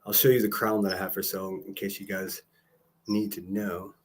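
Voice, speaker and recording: A man's voice: low voice, flat delivery, fairly quick, a little hiss or hum. A man, livestreaming in casual chat, rambling with profane jokes and asides.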